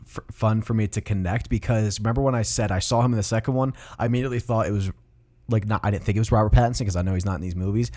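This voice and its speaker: Young male co-host, low voice, blunt and animated, casual swearing. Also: racing. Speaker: podcast co-host. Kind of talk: casual film discussion.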